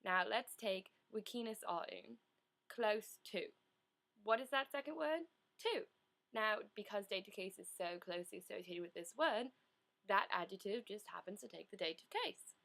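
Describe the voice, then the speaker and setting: Woman, teenager, school project lesson, exasperated lecturing, medium pitch. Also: moderate pace, vocal fry, a bit bright. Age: teens. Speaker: student playing a teacher.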